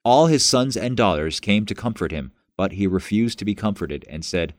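A man narrating a Bible story in a measured, plain reading. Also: on the low side, expressive, no room sound, clean studio sound.

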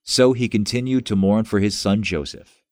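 A man narrating a Bible story in a measured, plain reading. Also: lowish voice, darkish tone, no room sound, clean studio sound.

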